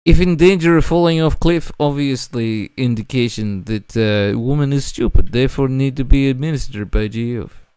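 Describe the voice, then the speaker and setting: A man's voice: medium pitch, moderate pace, darkish tone, clear, resonant tone, no room sound, close to an everyday voice. A man putting on a crude boastful foreign blowhard. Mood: pompous. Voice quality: broken clipped grammar.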